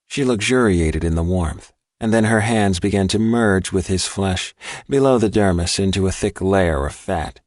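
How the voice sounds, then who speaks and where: A man narrating an audiobook in a measured, even reading. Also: sits low, no echo, studio quality. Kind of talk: scripted narration.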